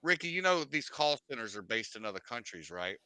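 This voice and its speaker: A man's voice: medium pitch, big pitch swings, a little fast, sharp tone, no echo. A man from the United States hosting a casual podcast, rambling and joking with a lot of profanity. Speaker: podcast host.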